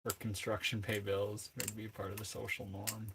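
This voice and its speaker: A man's voice: on the low side, flat delivery, moderate pace, noisy background. A man from Minnesota chatting casually on a livestream, rambling and joking as he reads chat aloud. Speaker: streamer.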